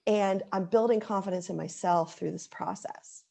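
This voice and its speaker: A woman's voice: medium pitch, steady tone, moderate pace, creaky, dark tone. A woman in her thirties speaking as an interview guest, earnest and heartfelt, with many likes and ums. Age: 30s. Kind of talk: casual interview chat.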